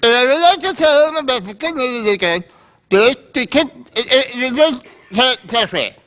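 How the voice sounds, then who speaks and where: A stammering, reluctant Moses who keeps tripping over his words, as a preacher puts him on. His voice is high and bright, and it swings about a lot. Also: expressive, normal speed. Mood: flustered. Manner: stuttering, tongue-tied.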